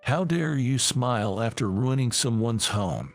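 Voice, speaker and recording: A man's voice: fairly low pitch, big pitch swings, unhurried, gravelly, faint music behind, full character voice. A man voicing a furious middle-aged ex-husband in an audio story, speaking angrily and accusingly. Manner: angry, accusing.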